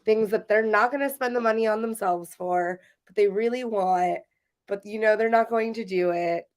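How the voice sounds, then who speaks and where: A woman's voice: mid-range voice, normal speed. Chatty laughing woman podcast co-host. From Washington State. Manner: chatty, laughs often, rambling restarts. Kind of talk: casual livestream chat.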